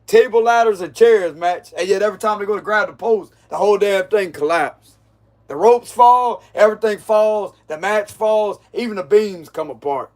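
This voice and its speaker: A man's voice: sits high, moderate pace, a little mellow. A man giving a casual, mocking tarot reading, full of slang and frequent laughter. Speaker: tarot reader.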